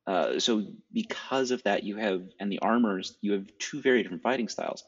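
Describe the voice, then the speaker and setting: With a lowish, slightly rough voice and a little fast delivery, the film podcast co-host lays out his sword knowledge in lengthy detail. The recording is dry and dull lo-fi, with no echo.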